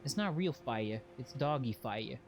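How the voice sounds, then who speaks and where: A man giving casual live commentary while playing a video game. He swears freely and yelps and shouts at what happens on screen. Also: medium pitch, animated, measured pace. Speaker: game streamer. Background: game music.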